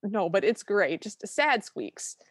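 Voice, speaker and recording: A woman's voice: medium pitch, very animated, slow pace, no room sound, studio quality. A woman co-hosting a podcast, recapping a film in casual chat and acting out quoted lines with enthusiasm. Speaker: podcast co-host.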